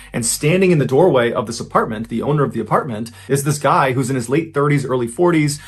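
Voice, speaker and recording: A man's voice: mid-range voice, breathy edge. A man narrating a true crime story in a conversational way with dramatic pacing, as a podcast storyteller.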